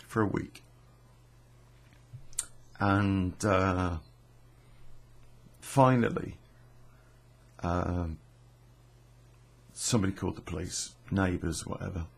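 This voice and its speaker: A middle-aged man tells a true story in a slow, unhurried way, his voice gravelly and very husky. He rambles along with plenty of fillers, restarts and casual swearing. His voice sits fairly low.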